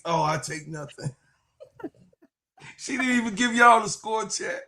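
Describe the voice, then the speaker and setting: A man's voice: high-pitched, lively intonation, unhurried, creaky, bright, forceful tone. A man co-hosting a casual sports talk show, joking around and ribbing his co-host about her team.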